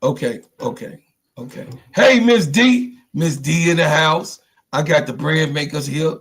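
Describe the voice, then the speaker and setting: A man with a Chicago accent hosting a casual livestream, talking loosely and shouting out his viewers. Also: a little high, steady tone, normal speed, slightly rough. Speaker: livestream host. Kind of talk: casual live-stream chat.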